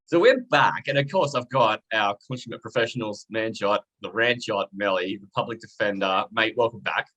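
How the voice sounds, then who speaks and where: A man hosting a casual podcast, animated and quick to laugh, full of cheeky banter. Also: fairly low pitch, rough recording. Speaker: podcast host.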